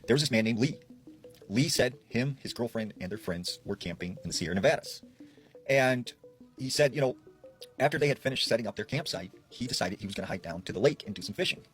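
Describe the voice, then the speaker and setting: A man's voice: quick pace, faint music behind. A man casually retelling creepy campfire stories, dropping his voice to quote people. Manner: relaxed retelling, quoting people in a lowered voice. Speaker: storyteller. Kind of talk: casual spoken storytelling.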